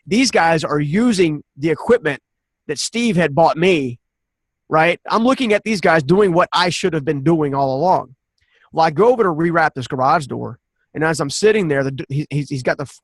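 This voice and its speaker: A man in his forties talks through a personal story as a podcast guest, earnest and animated, circling back to restart his sentences. His voice sits a touch high for a man. The sound is dry and close, with no room echo. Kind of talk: personal storytelling in a conversational interview.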